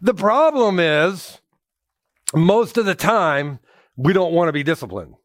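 A man with a high voice and a measured pace preaches a conversational church sermon, sharing personal stories with humor and calling out to the congregation. The pastor's delivery is animated, and the sound is clean studio audio with no echo.

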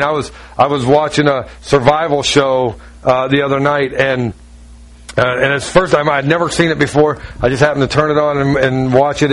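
A male preacher delivers a conversational sermon, telling stories and driving points home with emphasis. His voice sits fairly high for a man.

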